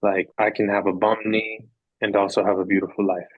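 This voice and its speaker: A man's voice: on the low side, level tone, a little fast, no echo, narrow, tinny audio. A man talking as a podcast guest in a reflective, casual way, earnest and rambling, repeating phrases for emphasis.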